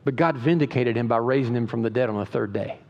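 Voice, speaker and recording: Pastor preaching in a reverberant hall. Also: male voice, medium pitch, fast talker, creaky, darkish tone. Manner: conversational preaching with emphatic rises and frequent restarts. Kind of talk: sermon. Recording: dull lo-fi sound with long hall reverb.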